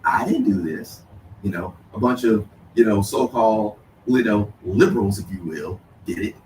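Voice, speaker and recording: Low-voiced lawyer guest, echoey. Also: male voice, moderate pace, a little mellow, a little hiss or hum. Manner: explanatory, uses "you know" and "okay" a lot. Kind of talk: radio debate. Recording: roomy distant sound with faint ambience.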